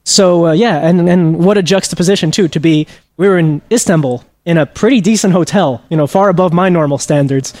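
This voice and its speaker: A man's voice: fairly high pitch, fairly quick, darkish tone, dry recording. A man being interviewed as a journalism trainer, telling a story earnestly with frequent restarts.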